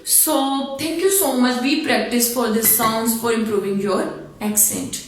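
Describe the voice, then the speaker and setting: Female English teacher with a Pakistani accent, high voice, very echoey room, slow deliberate delivery. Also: fairly even intonation. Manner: slow, deliberate spelling out of letters and sounds. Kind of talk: online spoken English lesson.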